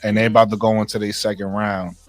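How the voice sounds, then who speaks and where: A man hosting a live stream chat, steering the talk with halting speech and fillers. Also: on the low side, little pitch movement, no room sound. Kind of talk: casual chat.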